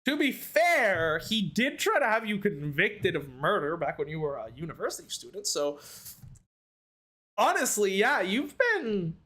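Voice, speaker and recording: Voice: medium pitch, fairly bright tone. A let's-play commentator rambling through joking asides about a courtroom game. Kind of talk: casual gameplay commentary.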